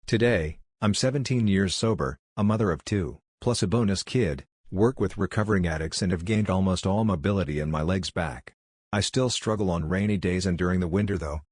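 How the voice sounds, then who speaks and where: A man narrating online stories aloud in a steady, even reading voice. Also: low voice, brisk, no room sound, clean studio sound.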